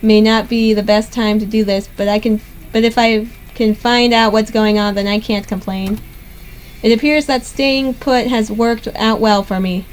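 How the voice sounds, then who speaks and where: A young woman hosting a gaming channel, reading a visual novel aloud in steady first-person narration. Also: a little high, normal speed, slight background noise, poor audio.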